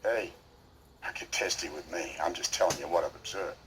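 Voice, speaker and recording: A man's voice: low-pitched, fairly quick, a bit bright, a little hiss or hum, rough recording. An actor in a TV drama, playing a man who lectures in a stern, cold way. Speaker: soap opera character. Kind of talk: TV drama acting.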